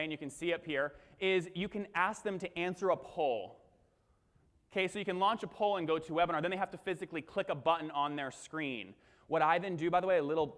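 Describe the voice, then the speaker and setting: High-voiced man giving a punchy keynote. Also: a bit bright. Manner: punchy, crowd-engaging, acts out webinar lines. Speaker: keynote speaker. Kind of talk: energetic conference keynote. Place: large conference hall. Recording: long hall reverb.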